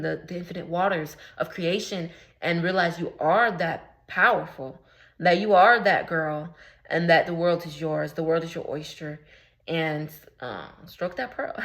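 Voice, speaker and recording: A woman's voice: fairly low pitch, fairly bright tone. A woman spiritual coach talking casually in a vlog, slangy and rambling, with lots of filler words and amused at her own jokes. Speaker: spiritual coach and womb healer. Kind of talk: casual motivational vlog talk.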